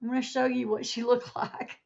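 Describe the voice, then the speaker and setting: Woman, casual livestream host, chatty and gravelly, dull lo-fi sound. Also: fairly high pitch, little pitch movement, a little fast, a little mellow. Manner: chatty, reads headlines aloud, laughs often. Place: home, indoors.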